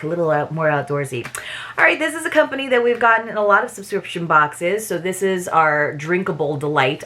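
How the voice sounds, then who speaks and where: A woman's voice: low-pitched, sharp tone. A woman in her thirties chatting casually while unboxing a subscription box, rambling and self-deprecating.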